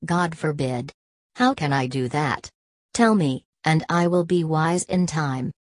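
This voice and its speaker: A woman's voice: low voice, expressive, slow, no room sound, studio quality, exaggerated voice. A woman reading an eager young daughter. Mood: earnest. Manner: earnest and eager. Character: earnest, impetuous young noble daughter.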